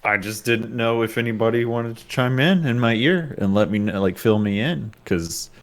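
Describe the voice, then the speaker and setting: A man's voice: medium pitch, normal speed. A man playing a tabletop game, talking hesitantly with lots of fillers. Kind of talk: casual in-character play.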